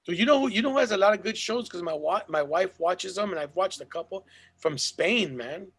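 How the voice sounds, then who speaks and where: A man's voice: high-pitched, animated, a little fast, a bit bright, husky. A man hosting a casual podcast, chatting in a loose, profane, laid-back way. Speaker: podcast host.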